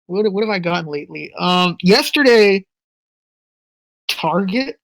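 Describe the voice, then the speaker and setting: A man's voice: high-pitched, lively intonation, unhurried, gravelly, a bit bright, dry recording. A man co-hosting a podcast, telling a story in casual chat, swearing freely and acting out what people said. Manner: profane storyteller, acts out quotes. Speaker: podcast co-host.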